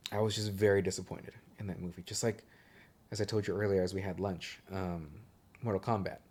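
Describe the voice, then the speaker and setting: A young man co-hosting a movie podcast, rambling and swearing casually as he trails off and restarts his sentences. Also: on the low side. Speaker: podcast co-host.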